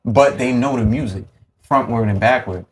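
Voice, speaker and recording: A man's voice: medium pitch, normal speed. A man hosting a casual interview, musing through his questions and acting out little quotes along the way. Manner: laid-back, musing, acts out quotes. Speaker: podcast host.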